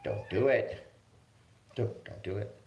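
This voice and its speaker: A cheeky little female Siamese cat that bites ears and noses, talking in a cutesy voice that turns mock-threatening, as a man puts her on. The voice is fairly low and rings in an echoey room. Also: slow, background noise.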